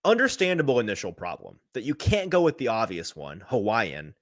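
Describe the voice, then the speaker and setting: A man's voice: lowish voice, wildly swooping pitch, brisk, fairly bright tone, no echo, studio quality. A man hosting a casual sports podcast, rambling through a tangent with chuckling, self-deprecating asides. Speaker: podcast host.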